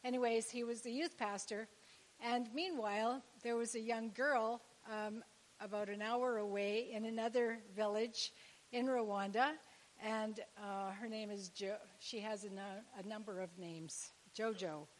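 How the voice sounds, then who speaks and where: A woman's voice: fairly high pitch, steady tone, a little slow, in a large hall, poor audio. A woman telling a story to a church audience, rambling and restarting with "anyways". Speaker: charity co-founder, speaker's wife. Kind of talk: storytelling talk.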